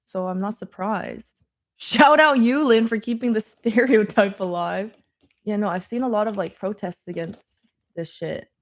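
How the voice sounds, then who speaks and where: A woman's voice: mid-range voice, a little slow. Laughing, cursing woman streamer. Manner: swears often, laughs easily, thinks aloud. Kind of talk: casual chat while studying.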